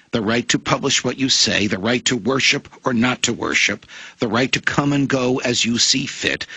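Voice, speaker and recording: A man in an impassioned radio interview monologue, his voice gravelly and husky with a forceful, tense edge. He speaks like an orator, stacking emphatic points into lists. The sound is dry and close. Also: mid-range voice, no echo, low-quality recording. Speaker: former judge, radio show guest.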